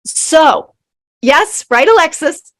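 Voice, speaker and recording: A middle-aged woman talking on a video call, her voice sitting a little high. She tells her stories with animation and acts out the voices of people she quotes. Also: expressive, takes it slowly, fairly bright tone. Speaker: program participant. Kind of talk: casual chat on a video call.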